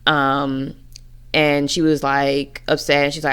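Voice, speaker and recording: A woman's voice: deep voice, little pitch movement, takes it slowly, fairly bright tone, clear, resonant tone. A woman giving a candid personal rant to camera, blunt and profane as she talks frankly about her own family. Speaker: vlogger.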